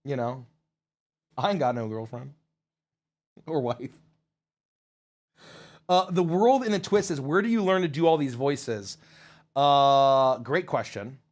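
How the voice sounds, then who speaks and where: A man's voice: mid-range voice, expressive, slow pace, long pauses. A man, a voice actor and show host, chatting casually and rambling through viewer questions on a livestream. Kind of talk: casual livestream Q&A, reading chat.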